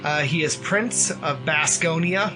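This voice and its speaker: A man's voice: on the high side, measured pace, music in the background. A young adult man hosting a podcast, telling stories with jokes and acted-out quotes. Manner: jokey, animated storytelling with acted-out quotes. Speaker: podcast host. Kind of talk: casual podcast chat.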